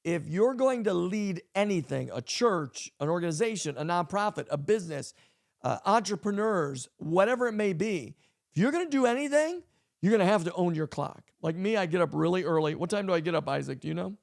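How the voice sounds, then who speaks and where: High, gravelly-voiced pastor talking leadership. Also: male voice, lively intonation, fairly quick. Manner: emphatic, repeats key lines for effect. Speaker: pastor and podcast host. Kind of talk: casual leadership talk on a podcast.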